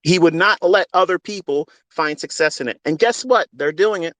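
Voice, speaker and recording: A man's voice: a little high, normal speed, fairly bright tone, no echo. A man speaking into a phone, giving a fervent, preachy monologue as a trading mentor, blunt and swearing freely. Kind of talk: impassioned monologue on a live audio stream.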